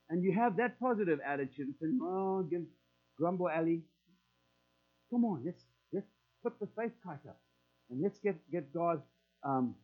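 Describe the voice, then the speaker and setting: Middle-aged male preacher, high voice, folksy sermon delivery, tinny phone-line sound. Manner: conversational and folksy, acting out prayers in quoted voices.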